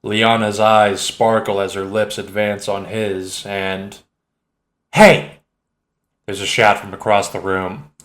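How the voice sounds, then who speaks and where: A man reading an audiobook in a steady, measured narration. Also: lowish voice, echoey room. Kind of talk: scripted narration.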